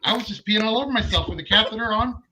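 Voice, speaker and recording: High, very bright joking co-host man. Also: rapid-fire, slight background noise. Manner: joking, candid. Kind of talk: casual live-stream chat.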